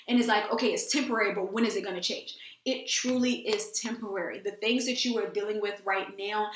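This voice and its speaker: A woman's voice: medium pitch, fairly bright tone. Earnest woman in an echoey room. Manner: earnest and emphatic, repeats phrases. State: teary. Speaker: host. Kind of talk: faith talk, casual testimony.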